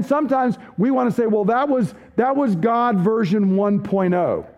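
A man preaching a sermon as a pastor, emphatic, dropping low and slow when he quotes scripture. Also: a little mellow, muffled recording.

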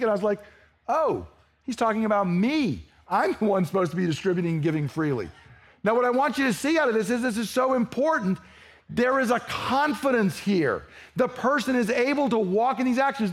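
High-voiced preacher teaching verse by verse. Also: male voice. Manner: conversational, asks the congregation to fill in words. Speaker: pastor. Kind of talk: expository sermon.

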